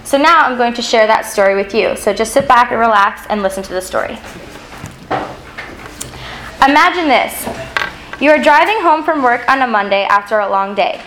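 A woman's voice: a little high, expressive, a bit bright, a little hiss or hum, low-quality recording. Woman telling a suspenseful story. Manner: earnest, suspenseful, slows for dramatic moments. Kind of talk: dramatic second-person storytelling.

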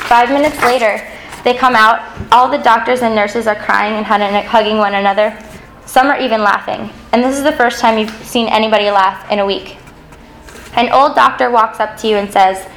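A woman telling a dramatic story in the second person, earnest and suspenseful, slowing down at the heavy moments. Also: a little high, fairly bright tone, slight background noise, rough recording.

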